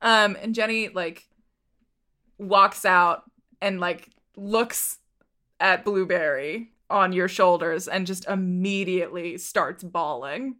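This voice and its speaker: A woman's voice: on the low side, slow pace, sharp tone. A woman narrating a tabletop game as game master, casual and rambling.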